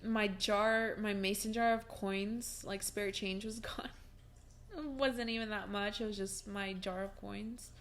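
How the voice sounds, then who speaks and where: A woman's voice: medium pitch, fairly even intonation, measured pace. A young woman vlogging from home, telling a personal story in a casual, chatty way with many fillers and restarts, and breaking into laughs as she talks.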